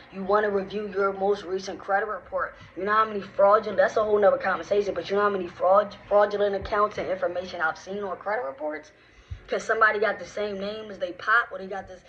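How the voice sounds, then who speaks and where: Blunt, slangy woman in her thirties. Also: mid-range voice. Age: 30s. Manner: direct, slangy, emphatic, repeats for emphasis. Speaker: credit management business owner. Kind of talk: casual motivational talk to followers. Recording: slightly dull sound with faint noise.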